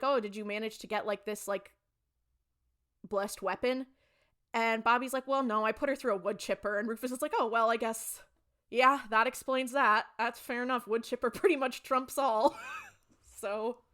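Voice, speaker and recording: Animated woman retelling a TV episode. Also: medium pitch. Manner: animated storytelling, acting out characters in quick quoted lines. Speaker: podcast co-host. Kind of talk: casual chat recapping a TV episode.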